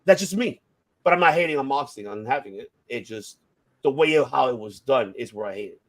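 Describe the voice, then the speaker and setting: A man co-hosting a casual wrestling debate podcast, ranting heatedly with lots of swearing and sudden swings in loudness. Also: mid-range voice, lively intonation, fairly quick. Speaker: podcast co-host.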